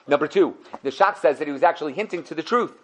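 A man giving a quick, lively Torah lesson, acting out the quotes with big jumps in his voice. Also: a little high. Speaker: Torah teacher. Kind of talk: fast, animated Torah lesson.

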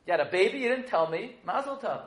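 Pharaoh played as a bumbling, fussy dad, offhand and chatty, as a man puts him on. The voice sits high for a man. The room is echoey. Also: animated, fast talker. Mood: bemused. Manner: comic, everyday chatty.

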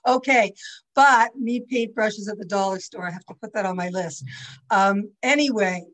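An older woman runs an online class in a mid-range, fairly bright voice at normal speed. Her talk is casual, chatty, and rambling with frequent asides, heard through a low-quality recording.

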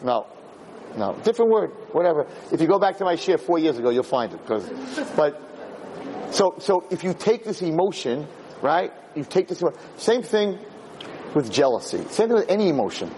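Rabbi, male, fairly high voice, loose chatty lecturer who digresses and gropes for words, faint hiss behind. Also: normal speed, rough recording. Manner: rambling, animated, searches aloud for words. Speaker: rabbi teaching a Torah class. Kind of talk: informal Torah lecture.

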